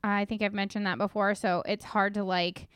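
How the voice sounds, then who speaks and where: Chatty mom, smooth dry voice. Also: female voice, mid-range voice, flat delivery, normal speed, a bit bright, dry recording. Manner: chatty, many fillers like "like" and "you know". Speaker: podcast co-host. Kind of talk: casual faith podcast chat.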